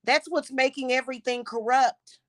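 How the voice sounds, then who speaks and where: A woman's voice: high voice, steady tone, normal speed. A woman who practices witchcraft and hosts her own channel, talking in an emphatic, indignant unscripted monologue full of restarts and repeated words.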